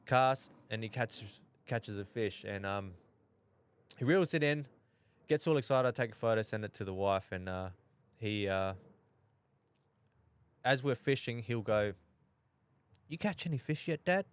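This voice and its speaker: Hesitant Australian man, smooth low voice. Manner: halting, many restarts and fillers. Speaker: podcast guest. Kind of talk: casual chat.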